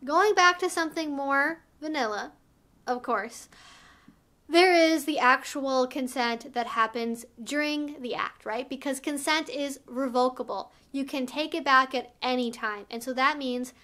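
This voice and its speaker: A woman's voice: high voice, unhurried, pushed and bright. A woman giving frank, casual advice as a vlogger, emphatic and direct, peppering her talk with "like" and "right?". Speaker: sex educator vlogger.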